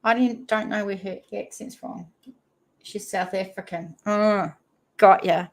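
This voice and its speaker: This New Zealand-accented woman talks at a measured pace in a mid-range voice. As a livestream host, she chats casually and reads her viewers' comments aloud.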